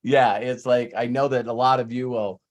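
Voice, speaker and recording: A man's voice: mid-range voice, level tone, normal speed. A man hosting a live online coaching session, chatting casually and laughing often. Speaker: host, life coach.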